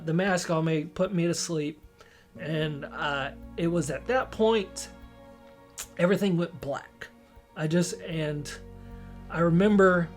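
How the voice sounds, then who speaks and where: A young man candidly recounting a personal story to camera, rambling and emotional, often restarting his sentences. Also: a little high. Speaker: vlogger.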